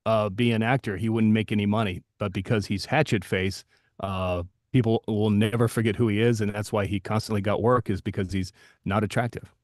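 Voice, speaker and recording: A man's voice: fairly low pitch, fairly even intonation, fairly quick, dry recording, studio quality. A man hosting a live stream, telling rambling anecdotes full of restarts and self-deprecating asides. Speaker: host. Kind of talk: casual storytelling on a live stream.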